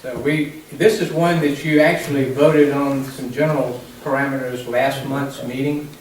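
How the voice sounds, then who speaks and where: A man calmly laying out business prospects and deals in a formal meeting, explaining each item step by step. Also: medium pitch, moderate pace. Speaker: development staff presenting prospects. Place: large meeting room. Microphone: distant room mic. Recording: echoey room from far off, faint noise.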